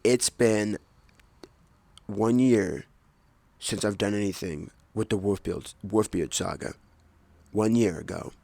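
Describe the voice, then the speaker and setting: A man with a fairly low, gravelly voice rambles casually as host of his own podcast, correcting himself and tossing in jokey asides. He speaks close to the microphone in a dry, dead-sounding home room. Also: slow, pauses often, a little mellow, dry recording. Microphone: close desk microphone.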